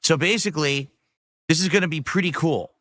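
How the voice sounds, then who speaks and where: Bright-voiced man rambling on a livestream. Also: a little high, brisk, no echo. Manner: rambling, reads out donor messages. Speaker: streamer host. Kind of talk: casual livestream chat.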